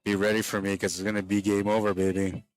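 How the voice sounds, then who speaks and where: A man giving relaxed, chatty live play-by-play commentary on a pool match, a little worn down late in the day and talking straight to stream viewers. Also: fairly low pitch, quick pace, loud music behind the voice.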